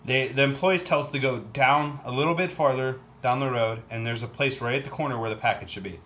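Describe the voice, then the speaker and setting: Man, livestream host, casual storytelling, chatty, animated, mid-pitched voice. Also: a little fast, a little hiss or hum. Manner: animated, chatty, acts out other people's lines.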